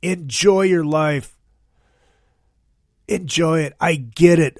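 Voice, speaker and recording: Lively, joking male podcast host. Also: high voice, a little slow, pauses often, dry recording, studio quality. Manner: profane, excitable, jokey. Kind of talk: casual podcast talk.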